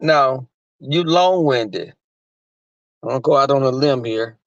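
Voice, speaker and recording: Gravelly man in crude rambling chat. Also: medium pitch, measured pace, dry recording. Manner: rambling, crude, often laughing. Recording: dry muffled recording.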